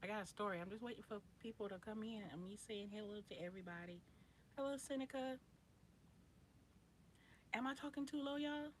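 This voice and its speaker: A woman hosting a casual livestream, rambling in relaxed slang and greeting viewers by name. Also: medium pitch, a little fast, long pauses, a little hiss or hum. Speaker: livestream host.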